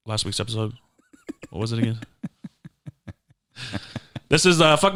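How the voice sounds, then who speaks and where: A man's voice: mid-range voice, expressive, moderate pace, a bit bright. A man hosting a comedy podcast, rambling playfully with lots of fillers in casual chat. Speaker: podcast host.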